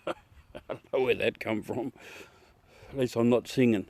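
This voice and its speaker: A man's voice: mid-range voice, wildly swooping pitch, takes it slowly, darkish tone. An Australian man hosting a casual live chat with viewers from his backyard at night, swearing freely and laughing often. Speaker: livestream host.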